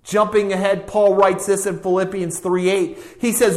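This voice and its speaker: A man's voice: high voice, flat delivery, moderate pace, hardly any pauses. A man preaching a sermon with an emphatic, repetitive cadence, reading scripture aloud. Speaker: pastor.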